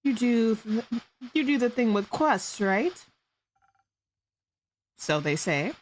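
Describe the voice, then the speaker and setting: A woman's voice: fairly high pitch, sing-song, takes it slowly. A woman streamer doing giggly, playful improvised role-play, stumbling over made-up fantasy names.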